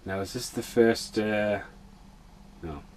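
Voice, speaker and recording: A man's voice: on the low side, takes it slowly, slight background noise. A man casually chatting and swearing his way through a film commentary for his podcast. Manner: swears a lot, chatty and offhand.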